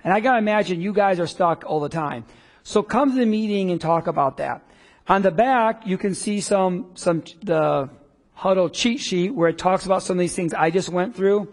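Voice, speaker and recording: A man leads a live business workshop with an energetic, conversational delivery, slipping into quick little acted-out quotes. His voice sits a bit high for a man. The sound carries the long reverb of a hall. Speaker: business coach.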